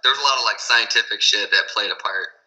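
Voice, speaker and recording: Man, casual podcast, bright voice, laid-back, swearing storyteller. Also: on the low side, quick pace, rough recording.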